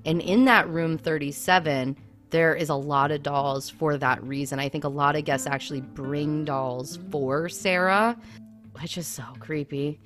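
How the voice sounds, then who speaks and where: A woman's voice: low voice, a little slow, soft background music. A woman co-hosting a casual chat, telling a spooky travel story with lots of "I mean" and "like". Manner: animated, lots of fillers like "I mean". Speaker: podcast co-host.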